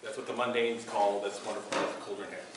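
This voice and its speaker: A man telling a comic story to a live audience, animated and playful, with joking asides and a repeated punchline, recorded from a distance in a hall. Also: fairly low pitch, fast. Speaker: storyteller at a performance competition. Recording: echoey hall, far from mic, noisy.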